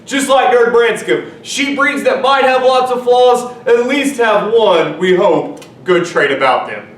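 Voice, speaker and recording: A man's voice: extremely high pitch, lively intonation, measured pace, fairly bright tone, full character voice. Brief: man voicing an upbeat teasing announcer, heard from across a roomy space. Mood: instructing. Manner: playful announcer delivery, handing off to segments. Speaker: agriculture teacher. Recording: roomy, distant mic, faint noise.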